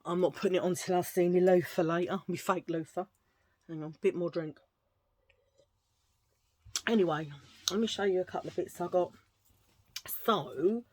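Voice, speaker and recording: A woman's voice: fairly low pitch, dark tone. A woman chatting casually through a thrift-shop haul at home, gushing and rambling with restarts. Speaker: vlogger showing a thrift haul.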